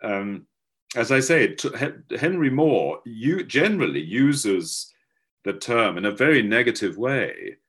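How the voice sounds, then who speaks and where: A man giving an academic webinar lecture, halting with many fillers and restarts, over a video call. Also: mid-range voice, very animated, fairly bright tone, slightly rough. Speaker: guest lecturer.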